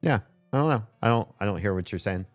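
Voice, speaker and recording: A man's voice: lowish voice, animated, quick pace. A man streaming a game, chatting casually and rambling aloud with plenty of fillers, with faint game music behind him. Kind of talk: casual gameplay commentary chat.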